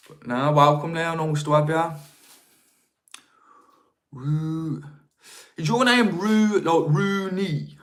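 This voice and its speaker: A young man hosts a marketing live stream, chatting casually, reading viewer chat and greeting people between points. His voice sits a little high, and he speaks slowly with long pauses.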